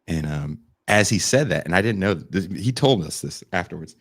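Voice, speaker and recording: A man's voice: low-pitched, expressive, normal speed, no room sound. Dry-sounding man telling a laughing story. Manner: storytelling with acted quotes and lots of laughing. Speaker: podcast co-host. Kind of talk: casual chat. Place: living in Mexico.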